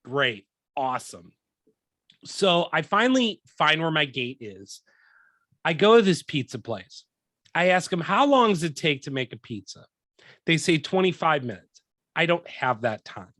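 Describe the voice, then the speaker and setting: A young man hosting a podcast, telling a profane story in a casual, animated way and acting out what people said. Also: on the high side, a little slow, no echo, clean studio sound. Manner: profane, animated, acts out quoted lines. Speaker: podcast host.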